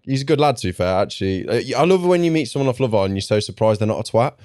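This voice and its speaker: A man's voice: medium pitch, rapid-fire, dry recording, studio quality. A man hosting a podcast, telling stories in casual chat and acting out what people said. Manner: animated storyteller, acts out quotes. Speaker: podcast host.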